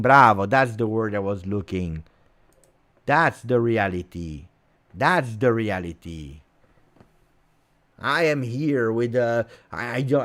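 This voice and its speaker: A man's voice: medium pitch, a bit bright. A man hosting a live football watch-along, ranting in exasperation and repeating himself often. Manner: exasperated ranting with many repetitions. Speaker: football fan streamer.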